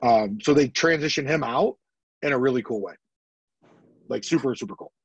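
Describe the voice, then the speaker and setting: A man co-hosting a podcast, talking in excitable, jokey bursts in casual chat. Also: medium pitch, normal speed, husky, no room sound, low-quality recording. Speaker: podcast co-host.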